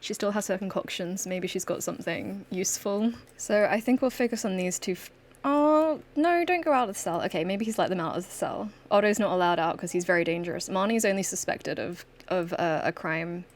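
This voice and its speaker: A woman's voice: on the low side, steady tone, a little fast, few pauses. Chatty woman narrating a game. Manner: chatty, storytelling, laughs often. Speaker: gaming channel host. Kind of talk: casual gameplay commentary.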